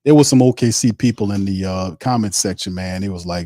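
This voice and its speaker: A man's voice: lowish voice, fairly quick, dark tone, dry recording, studio quality. A man hosting a live sports stream, reading viewer comments and reacting in loose, slangy talk. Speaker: sports podcast host. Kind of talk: casual live-stream chat.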